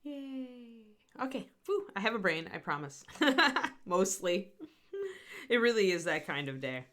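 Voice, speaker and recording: A woman's voice: mid-range voice, lively intonation, a little slow. A middle-aged woman hosting a live miniature painting tutorial, chatty and self-deprecating, talking through her steps with scattered asides. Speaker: host.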